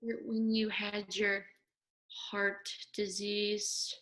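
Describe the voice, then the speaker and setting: A young woman in her late teens, a high school senior, telling lively stories in a casual chat with a classmate. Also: extremely slow. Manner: animated storyteller, often raises her voice.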